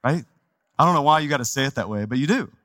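A man from Texas, a pastor preaching a sermon in a conversational, animated way, with asides to the congregation. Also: medium pitch, very fast, dry recording. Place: church sanctuary.

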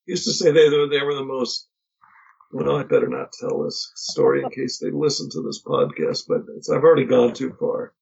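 A middle-aged man, a podcast guest, telling family stories in a reflective, halting way with many pauses and restarts. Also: mid-range voice, big pitch swings, vocal fry, a little mellow, slightly rough. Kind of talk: casual conversation. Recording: dull lo-fi podcast audio.

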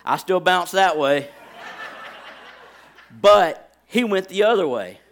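A man preaching, telling a lively personal story with sound effects and speaking directly to his congregation in a folksy way. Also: high-pitched, slow pace, gravelly. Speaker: pastor.

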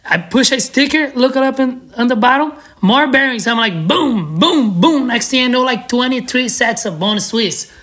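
Brazilian skater guest in his thirties, bright sharp tone, lively slangy storyteller. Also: extremely high pitch, moderate pace, hardly any pauses. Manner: animated, slangy, laughs often. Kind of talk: casual podcast storytelling.

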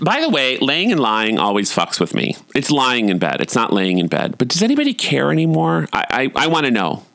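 A middle-aged man telling a long personal story in a casual, animated way, rambling, swearing freely and laughing at himself. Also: medium pitch, gravelly, dry recording.

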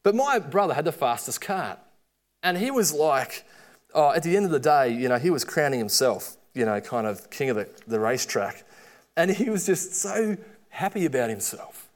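A middle-aged man with an Australian accent preaching a sermon, with lively storytelling and quoted asides. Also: on the high side, moderate pace.

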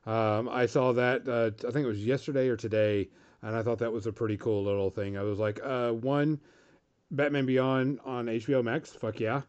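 A man's voice: medium pitch, fairly even intonation, normal speed, a little mellow, smooth. Laid-back male podcast co-host, easy laugh; muffled lo-fi recording. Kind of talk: casual chat. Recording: dull lo-fi audio.

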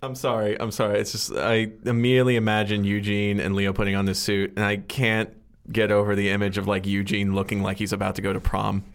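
Low-voiced man running a tabletop game. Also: completely flat delivery, brisk, gravelly. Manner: explanatory, hesitant fillers. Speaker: game master. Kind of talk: explaining rules in a tabletop game. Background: music.

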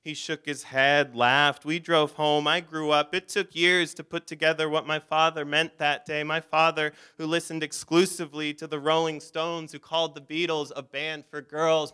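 Guy reading a poem slow and careful, bright clear voice, kinda flat melody. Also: on the high side. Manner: measured, deliberate recitation. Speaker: poet. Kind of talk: poetry reading. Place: live reading event.

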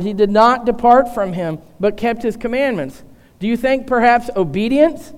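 High-voiced preacher man in a reverberant hall. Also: smooth. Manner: rhetorical questions to the congregation. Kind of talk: sermon.

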